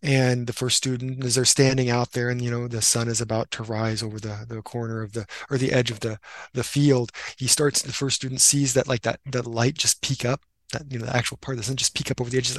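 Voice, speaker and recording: A man who is a Christian minister and writer, talking as a guest in an earnest, reflective storytelling way that slows down for emphasis. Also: medium pitch, flat delivery, no room sound.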